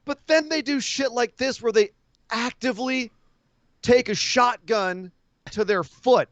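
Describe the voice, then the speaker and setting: A man co-hosting a wrestling podcast, ranting in an animated, profane way and laughing often. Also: very high voice, unhurried, no echo, dull audio. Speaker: podcast co-host. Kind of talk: casual wrestling podcast chat.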